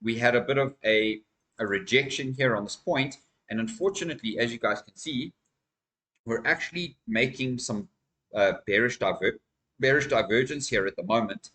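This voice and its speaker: A man's voice: medium pitch, moderate pace, a bit bright, low-quality recording. A man hosting a crypto channel, talking through market news and charts in a casual, emphatic vlog style and calling his viewers "guys".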